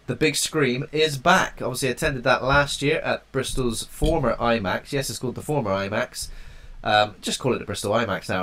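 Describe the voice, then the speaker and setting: A man from England who has a cold co-hosts a podcast, his mid-range voice fairly bright. The chat is casual and jokey, and his wording is loose as he sometimes hunts for words.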